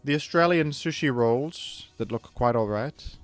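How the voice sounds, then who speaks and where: Man, casual gameplay commentary, rambling and chatty, mid-pitched voice, faint background music. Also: unhurried, few pauses. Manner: rambling, chatty, self-correcting. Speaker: gaming video creator.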